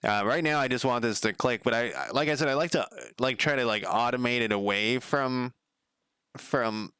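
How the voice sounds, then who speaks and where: A man's voice: mid-range voice, moderate pace, a bit bright, clear, resonant tone, no echo. A man giving rambling, profane casual commentary while coding on a live stream, laughing at himself. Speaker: game developer streaming his work.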